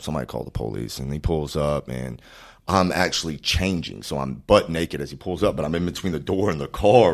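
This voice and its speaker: A man tells his story as a podcast guest. His voice sits extremely low, and he talks in a loose, rambling way, swearing freely and leaning on fillers. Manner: profane, rambling, frequent fillers. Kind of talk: casual storytelling.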